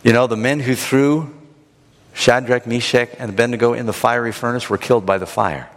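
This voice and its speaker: A man preaching a sermon, retelling a scripture story in an animated, dramatic way. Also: mid-range voice, brisk, long reverb tail. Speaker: pastor.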